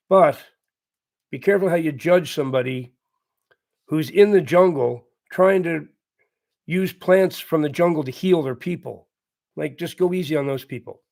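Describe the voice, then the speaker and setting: Reading viewers' comments out on his live stream, a man answers them earnestly and casually, repeating himself and chuckling often. His voice is a little high and a little mellow, with vocal fry.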